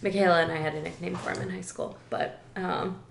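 A young woman in her twenties co-hosting a podcast, chatty and quick to laugh. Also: on the low side, steady tone, gravelly, slight background noise. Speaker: podcast co-host. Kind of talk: casual chat.

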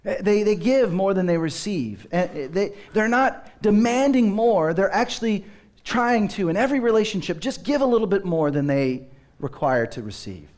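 A man's voice: sits high, animated, normal speed, darkish tone. A man preaching a sermon as pastor, telling stories with humor and acting out children's voices.

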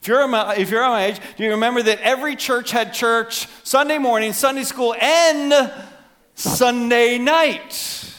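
Man, middle-aged, pastor's sermon, high-pitched, animated, plays out quotes in voices. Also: measured pace. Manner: animated, acts out voices for emphasis.

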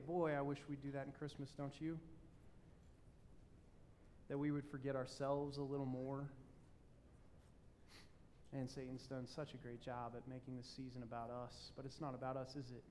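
A man preaching a sermon, telling personal stories with animated swings between loud excitement and quiet emphasis. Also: mid-range voice, moderate pace, long pauses, a little hiss or hum. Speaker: pastor.

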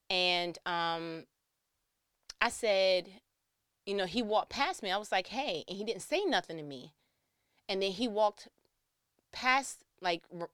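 A young woman telling a personal story in a lively, slangy way, acting out the voices she quotes. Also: fairly low pitch, no room sound, studio quality. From New York.

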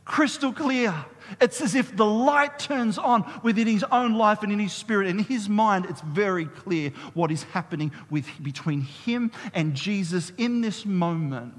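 A man preaching a sermon as a pastor, in a lively, conversational way, drawing the congregation into call-and-response. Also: high-pitched, a little slow. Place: church hall. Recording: long reverb of a church hall.

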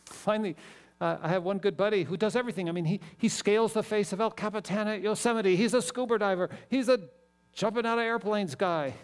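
A middle-aged male pastor preaching a sermon, animated and telling stories with quick asides. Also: high-pitched, clear, resonant tone.

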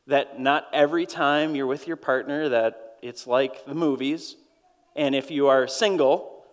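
A man with a Minnesotan accent preaching a sermon to his church, earnest and storytelling, often repeating words as he goes. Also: a little high. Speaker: pastor. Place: church auditorium. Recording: long reverb of a large hall.

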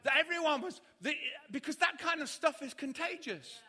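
A man preaching a sermon, telling a funny story and acting out the panic of others in shouts. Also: very high-pitched, lively intonation, normal speed. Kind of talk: sermon with humorous anecdote. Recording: hall reverb.

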